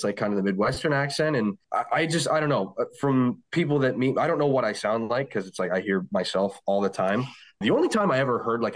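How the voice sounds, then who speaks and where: A young man from the Pittsburgh area, a hockey broadcaster, chatting casually on a podcast in a rambling, self-deprecating way. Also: mid-range voice. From Pittsburgh area, Pennsylvania.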